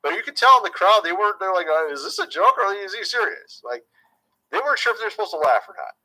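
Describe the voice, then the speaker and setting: A man's voice: sits high, very animated, fast talker, pushed and bright, low-quality recording. A man talking casually to his viewers as a YouTube commentator, chatty and conspiratorial, often calling them "folks".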